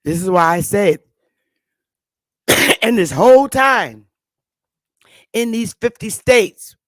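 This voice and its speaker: A woman's voice: mid-range voice, animated, slow pace, no echo, studio quality. A woman host delivering an impassioned commentary monologue, blunt and emphatic, with frequent profanity.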